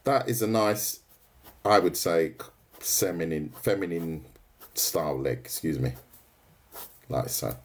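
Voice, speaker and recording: A man's voice: low-pitched, expressive, slow, pauses often. A man leading a live drawing tutorial, chatting casually with his viewers and often checking in with "right?" and "mate". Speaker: art tutor streaming live.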